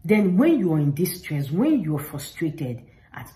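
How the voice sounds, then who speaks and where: A woman's voice: low-pitched, sing-song, moderate pace, mellow, poor audio. A woman talking straight to the camera, giving earnest, informal faith advice and repeating herself for emphasis. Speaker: faith vlogger.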